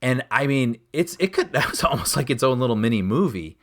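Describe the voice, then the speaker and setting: Animated man gushing about a film. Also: medium pitch, fairly quick. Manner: enthusiastic, laughs often, acts out scenes. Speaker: podcast co-host. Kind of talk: casual film discussion.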